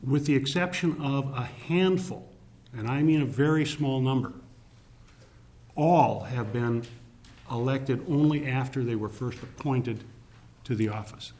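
A man giving formal testimony to a legislative committee, speaking deliberately and emphatically, stressing key words, with frequent "uh" fillers. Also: medium pitch, a little mellow.

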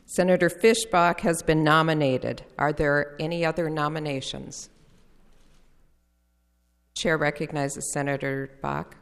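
A woman presiding over a legislative session, reading procedural calls in a brisk, formal manner. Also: deep voice, fairly even intonation, clear, resonant tone. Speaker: presiding officer. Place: legislative chamber. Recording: echoey chamber reverb.

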